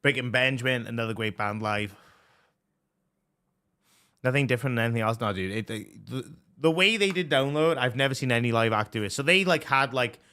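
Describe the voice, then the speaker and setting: A young man chatting casually as a streamer, excitable and swearing a lot, with plenty of fillers. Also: medium pitch. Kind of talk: casual chat.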